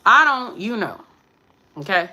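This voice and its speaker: A woman tarot reader talking to her viewers in a brash, profane, sassy way, with emphatic bursts and quick muttered asides. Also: medium pitch, sing-song, pushed and bright, muffled recording. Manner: emphatic, with sudden drops to mutters. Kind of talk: live tarot reading monologue.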